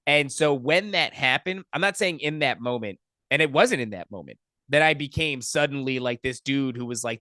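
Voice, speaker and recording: A young adult man, a podcast guest, telling a personal story in a profane, animated, casual way. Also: medium pitch, normal speed, no room sound, studio quality.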